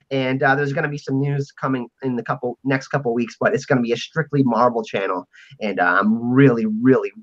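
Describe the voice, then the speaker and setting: A man hosting a casual podcast panel stream, making rambling, excitable announcements over a remote mic. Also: mid-range voice. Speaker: podcast host. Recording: muffled lo-fi stream audio.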